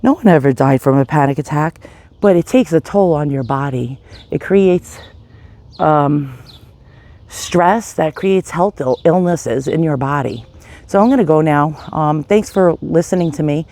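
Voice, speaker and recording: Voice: medium pitch, animated, moderate pace, mellow. A vlogger, panicky and short of breath, coughing and pleading in a shaky confessional vlog recorded on a phone while walking down a residential street outdoors.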